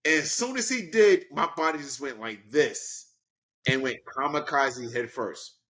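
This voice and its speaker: Animated male storyteller from Brooklyn. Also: unhurried. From Brooklyn, New York. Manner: animated, acts out quoted people with big jumps in pitch. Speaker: guest, professional wrestler. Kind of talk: casual storytelling in an interview.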